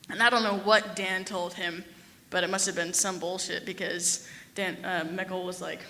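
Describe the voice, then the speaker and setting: A young woman tells a true story at a live event, chatty and animated, with plenty of fillers and acted-out quotes. Her voice is bright and forward. The sound carries a long reverb from the hall. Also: on the low side, moderate pace.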